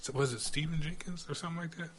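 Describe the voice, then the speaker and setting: A man's voice: a little high, steady tone, rapid-fire, a crowd in the background. Enthusiastic, slangy man co-hosting a podcast. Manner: enthusiastic, slangy, trips over his words. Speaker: podcast co-host. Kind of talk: casual chat.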